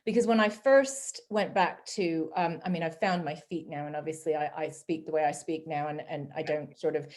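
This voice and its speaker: A woman from Canada with a Canadian accent softened by years in England, a guest chatting casually and laughing often. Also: low-pitched, normal speed, hardly any pauses. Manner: chatty and animated, often laughing, puts on voices when quoting people. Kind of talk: casual conversation.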